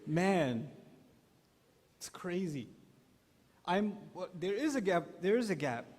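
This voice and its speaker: Animated male preacher in an echoey hall. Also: high voice, takes it slowly. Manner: animated, acts out quotes. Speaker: preacher addressing parents. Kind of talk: humorous sermon talk. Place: large hall with live audience.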